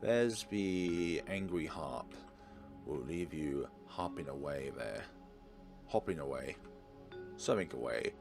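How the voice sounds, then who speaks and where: A man's voice: rumbling low, animated, slow, vocal fry, pauses often, music in the background. A man hosting a let's play, giving chatty, rambling gameplay commentary with jokes.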